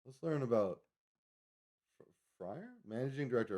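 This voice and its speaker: Lowish mellow-voiced guy on a livestream, rambling, tripping over names, kinda self-deprecating. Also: fairly quick. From Colorado. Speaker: livestream host. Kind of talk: casual livestream commentary, reading a web page aloud.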